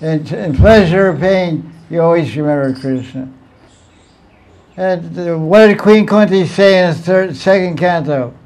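A man's voice: fairly high pitch, a little slow, darkish tone. A man giving an informal spiritual talk, telling stories with playful asides and frequent chuckles. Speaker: spiritual teacher.

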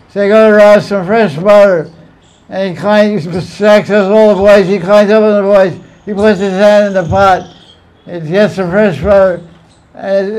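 A man with a fairly high voice gives a relaxed spiritual talk. He tells stories playfully and chuckles often as he goes. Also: unhurried. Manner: chuckling storyteller, playful asides. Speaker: spiritual teacher. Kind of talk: informal religious talk.

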